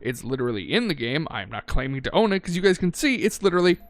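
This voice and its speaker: A man's voice: a little high, sing-song, fast, no echo. A man giving casual gameplay commentary, thinking aloud and correcting himself, with frequent swearing. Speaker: let's-play gamer.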